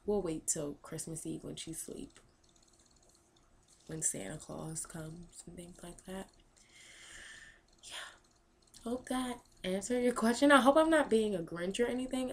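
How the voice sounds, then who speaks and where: A woman's voice: mid-range voice, slight background noise. Chatty woman vlogger with many ums. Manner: rambling, thinks aloud with many ums. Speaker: vlog host answering viewer questions. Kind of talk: casual chat.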